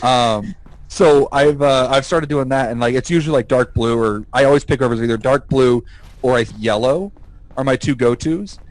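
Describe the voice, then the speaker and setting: A man co-hosting a podcast, telling stories in an animated, profane, casual way and laughing as he goes. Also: mid-range voice, moderate pace, dry recording, low-quality recording. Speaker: podcast co-host. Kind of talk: casual storytelling chat.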